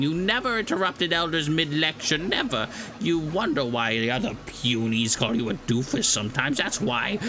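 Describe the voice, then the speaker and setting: A man's voice: mid-range voice, lightly acted. A man voicing a cranky old female elder of a tiny creature tribe, scolding and bossy as he reads game dialogue aloud. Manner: scolding, lecturing.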